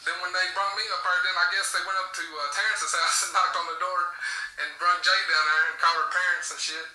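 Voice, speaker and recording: A young man hosts a casual podcast chat, telling crude stories and laughing often. His voice is very bright and sits a bit high. It sounds distant and roomy, with a faint hiss underneath. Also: flat delivery, quick pace. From southwest Virginia.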